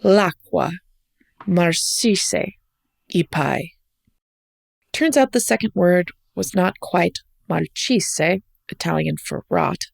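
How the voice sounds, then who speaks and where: A woman's voice: medium pitch, gravelly, no room sound. A woman hosting a podcast, reading her own personal travel essay aloud in a wry, reflective way with an American accent. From United States. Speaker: podcast host and essay narrator.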